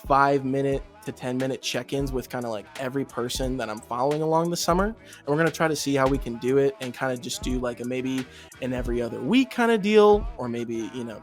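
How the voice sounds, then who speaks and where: A young man hosting a podcast, chatting casually and upbeat, laughing often and swearing now and then. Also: medium pitch. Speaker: podcast host. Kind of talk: casual chat.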